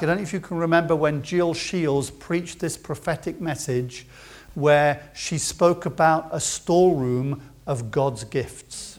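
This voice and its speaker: A man preaching a sermon to his congregation, building to loud emphatic peaks and then dropping to quiet asides. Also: a little high. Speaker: pastor. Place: church.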